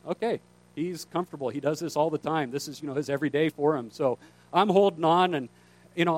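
A man, a pastor telling a story in a sermon and acting out the voices of the people in it. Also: fairly high pitch. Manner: animated storyteller, acts out quoted dialogue.

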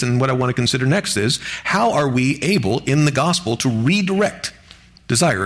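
A man preaching a sermon to his congregation in an earnest, measured way, lifting his voice on key words. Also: medium pitch, a bit bright. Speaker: pastor.

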